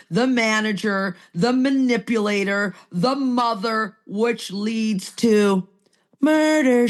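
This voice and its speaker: A woman co-hosting a recovery podcast, reading passages aloud and earnestly scolding herself, stretching words for emphasis. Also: medium pitch. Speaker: podcast co-host.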